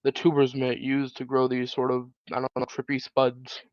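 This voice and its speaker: A man's voice: mid-range voice, monotone, normal speed, no room sound. A man reads comic pages aloud during a live stream, slipping into put-on British voices and saying "effing" in place of swear words. His voice sits mid-range. The sound is dull and dry, as from a plain home setup. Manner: laughs and breaks off to comment.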